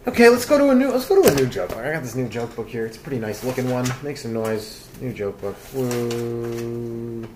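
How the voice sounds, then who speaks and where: A man's voice: mid-range voice, lively intonation, fairly quick, few pauses. A man from Canada hosting a solo comedy podcast, rambling loosely from one aside to the next with lots of fillers.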